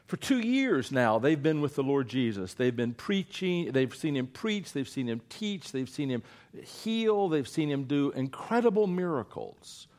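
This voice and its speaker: This Eastern North Carolina preacher has a voice on the high side and is very animated yet unhurried as he addresses his congregation in church. He playfully coaxes them into reading scripture aloud with him, then grows hushed and earnest.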